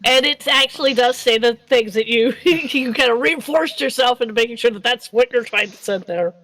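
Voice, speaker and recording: A woman's voice: a little high, normal speed, fairly bright tone, no room sound, poor audio. A woman running a tabletop game as game master on a live stream, rambling and giggly, correcting herself as she goes. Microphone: streaming microphone.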